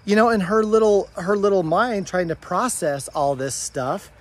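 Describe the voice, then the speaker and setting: Standing on his farm by the goat pen and orchard, a middle-aged homesteader vlogger speaks to the camera in a high voice at a moderate pace. He's casual and earnest, and his talk wanders with many false starts.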